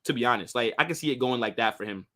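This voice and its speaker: A young American guy runs a casual football live stream from the United States, reading out viewer comments and firing back in slangy talk packed with "bro" and "like." His mid-range voice comes out rapid-fire and a bit bright.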